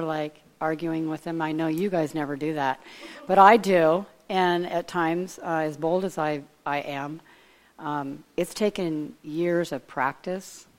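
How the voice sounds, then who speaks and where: Woman, low voice, informal sermon, chatty, digressive, speculative. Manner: conversational and digressive, speculating aloud. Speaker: preacher.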